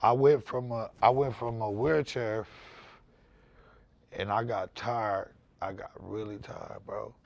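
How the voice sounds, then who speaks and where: A man speaking as a podcast guest, telling his story in loud, animated, candid conversation and swearing freely. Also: fairly low pitch, slow pace, creaky, dry recording.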